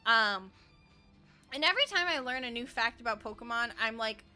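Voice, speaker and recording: A woman's voice: a little high, lively intonation, moderate pace, bright, forceful tone, soft background music. A woman streaming a game, chatting casually, giggling and rambling, sometimes breaking into playful chants. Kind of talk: casual gameplay commentary.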